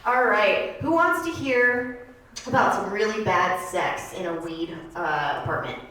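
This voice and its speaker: A thirty-year-old woman performing stand-up in a comedy club, telling confessional stories in a rambling, deadpan way. Her voice sits at an ordinary middle pitch. It comes from a distance and rings around a very echoey room. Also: a little slow. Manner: deadpan, rambling confessional delivery with filler words.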